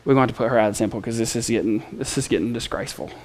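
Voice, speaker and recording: A man's voice: mid-range voice, very fast, pitched below the performer's own voice, close to an everyday voice. A man voicing a blunt old priest who talks in casual, exasperated slang while scolding a woman. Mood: dismissive.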